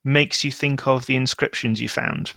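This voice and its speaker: A man narrating a tabletop game as game master, unhurried and often searching for words. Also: mid-range voice, gravelly, bright, forceful tone, no echo.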